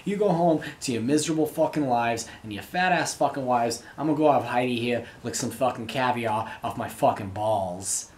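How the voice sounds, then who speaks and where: A man's voice: medium pitch, moderate pace, hardly any pauses, a little mellow, lightly acted. A man quoting a brash, hedonistic stockbroker from a film, crude and boastful. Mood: contemptuous.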